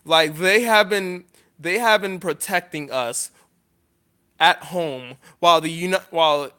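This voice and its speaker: Guy vlogging off the cuff, kinda high bright voice, keeps pausing n restarting, earnest and sorry-sounding. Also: clear, resonant tone. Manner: halting, pausing often with restarts; earnest, apologetic. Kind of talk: unscripted list vlog.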